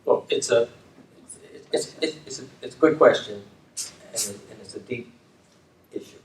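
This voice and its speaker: Speaking a little slowly in a mid-range voice, this older former dean and community leader talks reflectively, driving his points home by restating them and asking "okay?" along the way. Faint room noise and a roomy, distant mic color the audio.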